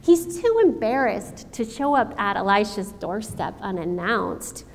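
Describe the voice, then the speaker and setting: A woman preacher giving a sermon, telling the story in a slow, dramatic way with rhetorical questions. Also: medium pitch, sing-song, vocal fry, a little hiss or hum. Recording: long hall reverb, faint ambience.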